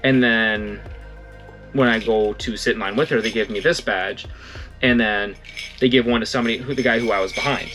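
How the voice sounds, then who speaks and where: Speaking fairly quickly in a lowish voice over soft background music, a young man vlogs a casual story. He wanders off track, self-corrects, and voices other people's lines with animation.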